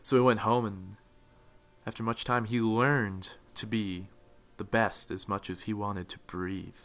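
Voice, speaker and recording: A young man giving mock-dramatic motivational narration for a gaming video, swelling into loud, fervent peaks. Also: lowish voice, steady tone, unhurried. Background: faint music.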